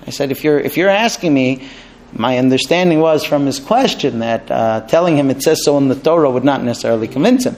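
A man's voice: fairly high pitch, lively intonation, brisk, darkish tone, slight background noise. A man teaching a Torah class, earnest and conversational, telling a personal story. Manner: earnest, storytelling, with restarts and light laughs.

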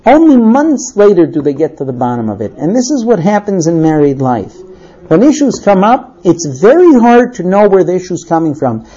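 A woman tells an anecdote in a lively, animated way. Her voice is fairly high, husky and mellow, and the recording sounds dull and lo-fi. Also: moderate pace. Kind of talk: storytelling talk.

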